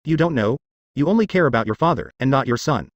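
A man's voice: mid-range voice, expressive, fast talker, no room sound, highs cut off, natural voice. A man voicing an angry, resentful immortal woman in a fantasy audiobook, speaking coldly and accusingly. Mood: furious. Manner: cold and accusing.

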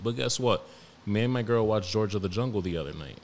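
A young man with a New York accent, hosting a podcast and telling stories about his toddler in a profane, animated, slangy way. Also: lowish voice, brisk, a little hiss or hum. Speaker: podcast host. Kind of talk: casual storytelling monologue.

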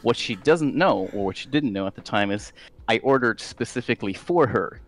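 Man, panel guest, cheerful, chatty, mid pitch. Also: animated, moderate pace, fairly bright tone, faint music behind. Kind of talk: casual panel chat.

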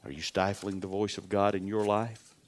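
A male pastor delivers a sermon full of dramatic storytelling, repeating words for emphasis and sinking to a hushed whisper at key moments. His voice sits fairly low, and he speaks at a normal speed with a flat delivery.

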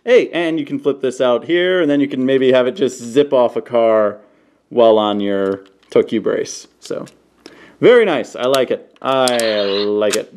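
A man casually reviewing toys on camera, playful, often breaking into goofy high-pitched exclamations. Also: unhurried, a little mellow, a little hiss or hum. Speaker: toy reviewer. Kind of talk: casual hands-on product review. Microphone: camera he sets up himself.

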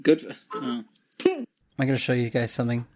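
A playful man hosting a loose podcast chat, ribbing his co-hosts and laughing a lot. His pitch jumps around freely, so every line sounds lively and animated. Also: moderate pace, dry recording. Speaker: podcast host. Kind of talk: casual chat.

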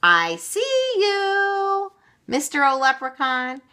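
Woman playing an eager little girl, high excited voice, bright, storybook. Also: moderate pace, full character voice. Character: eager young girl, bold and pleading.

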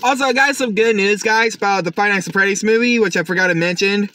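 A tired man with a notably high, bright voice hosts a casual unboxing vlog. He rambles in a chatty way, with plenty of fillers and restarts. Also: fast talker, slight background noise. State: tired, up since early morning. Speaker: YouTube unboxing host.

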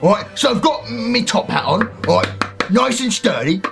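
Cockney builder bloke, clumsy and rough-edged, played by a woman with a gravelly voice that swings around. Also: on the high side, animated, normal speed, faint music behind. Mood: jokey. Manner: clumsy put-on Cockney accent, stumbling fillers. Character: cheerful British builder man in high-vis jacket.

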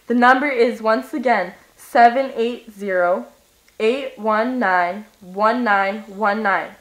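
A young woman rambling to her camera in a silly, giddy, sing-song way, breaking into laughter. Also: on the high side. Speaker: vlogger. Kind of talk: rambling casual vlog. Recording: echoey room.

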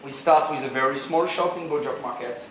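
A man's voice: mid-range voice, fairly quick, a bit bright, recorded from a distance, a little hiss or hum. A man in his forties with a French accent, giving an informal, joking sales seminar talk in a hotel conference room. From France. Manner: informal, joking, quizzes the audience. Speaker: seminar speaker. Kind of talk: conference presentation. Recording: very echoey room, voice from afar.

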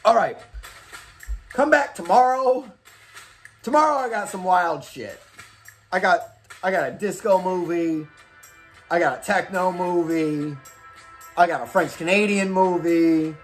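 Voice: mid-range voice, measured pace, pauses often, soft background music. A horror movie host giving daily picks in a casual, rambling rant full of swearing and tangents.

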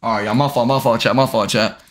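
A man's voice: mid-range voice, steady tone, quick pace. A young man live streaming and video-chatting with strangers, brash and heavy on profanity, talking straight to his chat.

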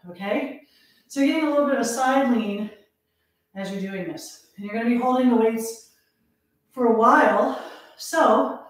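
A woman's voice: fairly high pitch, distant mic. Winded woman counting reps in echoey room. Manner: counts reps aloud, winded, laughs at herself. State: out of breath. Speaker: fitness instructor. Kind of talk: live workout instruction.

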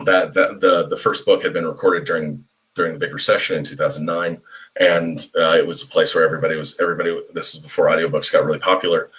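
A man's voice: rumbling low, level tone, quick pace, fairly bright tone. A man in his forties answering fan questions on a live stream, rambling with many restarts and fillers. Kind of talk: live online Q&A. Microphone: computer mic on a live stream.

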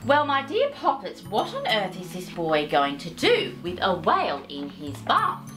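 A woman's voice: lowish voice, wildly swooping pitch, unhurried, hardly any pauses, over music. Sing-song doting woman storyteller. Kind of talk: reading a picture book aloud.

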